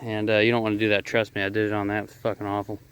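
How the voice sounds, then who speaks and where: A man casually explaining a DIY job as he works outdoors, rough-spoken, swearing freely and joking at his own expense. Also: on the low side, monotone, racing, fairly bright tone. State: out of breath at times. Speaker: DIY vlogger. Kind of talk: casual how-to narration while working outdoors. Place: outdoors at a digging site.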